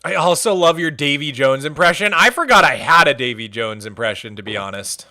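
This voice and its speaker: Young male streamer, upbeat and jokey, bright voice that swings up and down. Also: fairly high pitch, fairly quick. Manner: animated, jokey, chatty, answers chat questions. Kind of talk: casual chat while playing a game.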